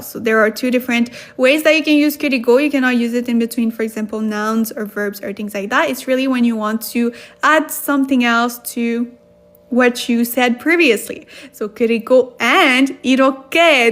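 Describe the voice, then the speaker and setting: A woman's voice: fairly high pitch, fairly bright tone. A woman teaching a casual livestream lesson, chatting with viewers, reading their comments and laughing often. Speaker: livestream Korean tutor.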